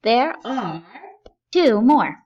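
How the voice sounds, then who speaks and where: Woman teacher, slow and patient step-by-step explaining, dull lo-fi sound. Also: fairly high pitch, sing-song, mellow. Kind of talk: recorded lesson explaining sonnet structure.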